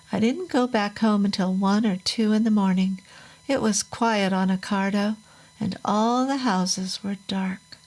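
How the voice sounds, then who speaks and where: A woman reading a first-person horror story aloud in a measured, unhurried storytelling manner. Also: mid-range voice, poor audio. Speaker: narrator. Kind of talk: scripted horror story narration.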